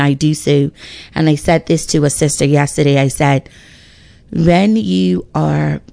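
A middle-aged woman speaks on a radio talk show in a deep, low register. Her delivery is emphatic and preachy, full of faith encouragement and restarts. The sound is dry and close, with no room around it. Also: a little mellow, no room sound.

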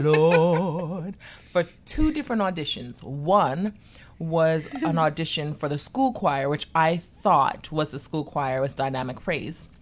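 A woman telling a story in a relaxed chat, lively and playful, acting out the people she talks about. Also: sits low. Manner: lively, animated, acts out voices in her story.

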